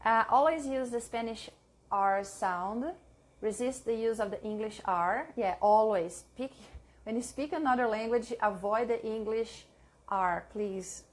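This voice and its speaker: A woman with a slightly high voice works through her study notes at a very unhurried pace. She repeats words to drill them and stops to fix her own slips as she goes. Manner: reads notes aloud, pausing to correct her own mix-ups. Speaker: language learner sharing study notes. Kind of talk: slow read-aloud study session.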